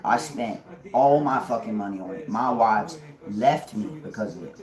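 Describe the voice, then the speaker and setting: A man's voice: lowish voice, moderate pace. A man rambling on a live stream, swearing and laughing to himself, heard from far off in an echoey room. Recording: echoey room, mic far off, crowd noise.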